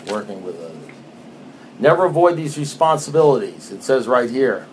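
A man's voice: mid-range voice, sing-song, normal speed, poor audio. A man speaking to a group in an easygoing, rambling storytelling style, his voice sitting in an ordinary middle range. He keeps checking in with his listeners and repeats phrases for emphasis. A faint hiss of noise sits under the recording. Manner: conversational, rambling, frequent "you know what I mean"; reads book passages aloud with repetition. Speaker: speaker sharing recovery experience. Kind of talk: storytelling talk to an audience.

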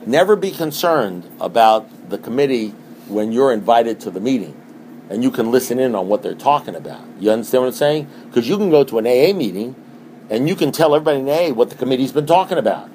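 Animated middle-aged man at a recovery meeting. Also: mid-range voice, fairly quick, a little hiss or hum. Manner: animated, repetitive, rhetorical questions.

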